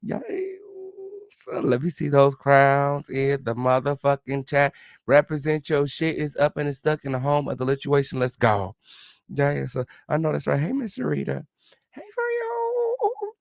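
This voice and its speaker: A man hosting a casual livestream, greeting viewers with flamboyant, sing-song shout-outs and sassy, profane chatter. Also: medium pitch, moderate pace, creaky, dry recording, clean studio sound. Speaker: livestream host.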